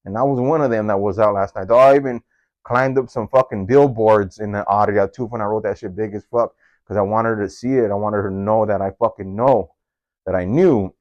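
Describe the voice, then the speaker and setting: A man telling a story from his own life in a casual, slangy, profane way, leaping up in pitch whenever he quotes someone. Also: fairly even intonation, brisk, a little mellow, no echo, dull audio. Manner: slangy and profane, jumps into high-pitched voices when quoting. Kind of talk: casual first-person storytelling.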